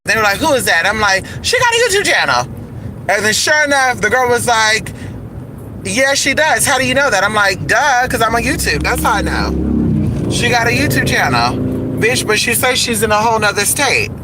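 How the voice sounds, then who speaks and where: A man's voice: sits high, animated, normal speed, pushed and bright. Sassy chatty man vlogging from his car. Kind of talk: casual car vlog. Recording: traffic noise behind. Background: road traffic.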